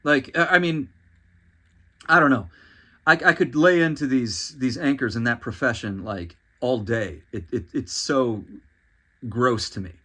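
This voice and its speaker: A man's voice: medium pitch, measured pace, pushed and bright. Exasperated man ranting on a podcast. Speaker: podcast host. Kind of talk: solo commentary monologue.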